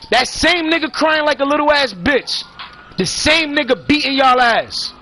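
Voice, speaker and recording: Heated, high-voiced man ranting. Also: expressive, moderate pace, pushed and bright, faint music behind. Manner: blunt, heated, preachy, heavy swearing and slang. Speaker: father ranting on a vlog. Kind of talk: profane monologue rant.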